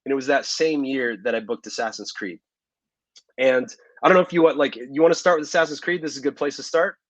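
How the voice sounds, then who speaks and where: A man, an actor as interview guest, telling stories in a relaxed way with many fillers and asides. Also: medium pitch, quick pace, dry recording, muffled recording. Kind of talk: casual interview storytelling.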